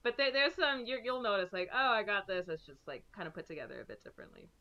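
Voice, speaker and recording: A woman co-hosting a podcast, chatting casually and giving unhurried reactions. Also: medium pitch, lively intonation, muffled recording. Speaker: podcast co-host. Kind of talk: casual chat.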